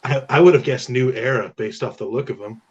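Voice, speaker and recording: A man's voice: medium pitch, fairly quick, darkish tone, slightly rough. A man co-hosting a casual sports talk show in an easygoing, conversational way. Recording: slightly dull, muffled audio.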